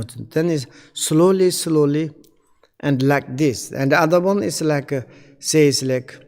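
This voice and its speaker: A Buddhist teacher, a man, gives a dharma seminar in halting English, often restarting and repeating phrases. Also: a little high, a little mellow, long reverb tail. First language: Tibetan.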